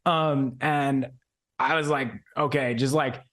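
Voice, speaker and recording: A man's voice: mid-range voice, steady tone, takes it slowly, fairly bright tone. Man, twenties, podcast guest, casual storytelling, slangy, filler-heavy. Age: 20s. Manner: loose, slangy, lots of "like" and "bro".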